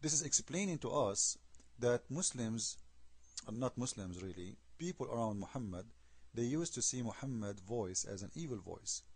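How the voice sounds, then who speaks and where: A man's voice: medium pitch, expressive, normal speed, husky, no room sound. A man giving an argumentative video commentary, emphatic and scornful, firing off rhetorical questions in non-native English. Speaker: online commentator.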